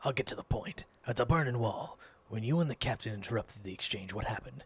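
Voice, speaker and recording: A man voicing a terse, secretive male soldier in a game, reading his lines low and half-whispered. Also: lively intonation, brisk, a bit bright, slightly rough, heavily acted. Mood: conspiratorial. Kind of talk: reading game dialogue aloud.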